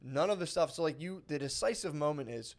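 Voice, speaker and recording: A man's voice: fairly high pitch, expressive, brisk, creaky. A man in his thirties co-hosting a casual comedy podcast, rambling through a story and acting out the quotes, laughing often. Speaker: podcast co-host.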